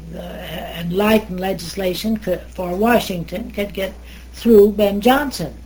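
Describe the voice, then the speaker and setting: An older woman recounting a personal memory in an unhurried, lively and wry way, with small hesitations, sometimes acting out dialogue. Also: fairly low pitch, poor audio. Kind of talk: oral history storytelling.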